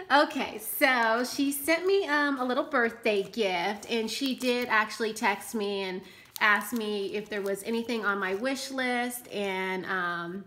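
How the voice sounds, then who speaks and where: Gushing excitable woman unboxing gifts. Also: fairly high pitch, a little slow. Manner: gushing, excitable, squeals and gasps. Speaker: craft vlogger. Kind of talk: unboxing vlog.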